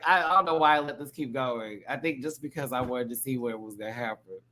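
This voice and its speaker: A man's voice: medium pitch, fairly quick, bright, forceful tone, slight background noise. A man hosting a casual live review stream, rambling playfully with frequent laughter and theatrical reactions.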